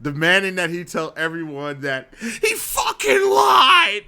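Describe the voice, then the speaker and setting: A man's voice: sits high, measured pace, gravelly. A man co-hosting a podcast, chatting loosely and laughing as he recaps wrestling, often acting out what wrestlers said. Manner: animated, laughing, swearing, mimicking wrestlers. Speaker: podcast co-host. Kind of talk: casual wrestling recap chat.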